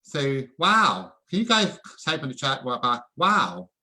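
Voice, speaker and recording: A man presenting at a live online event, excitable and preachy, calling on viewers to answer in the chat. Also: mid-range voice, takes it slowly. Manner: excitable, preachy, calls for audience responses.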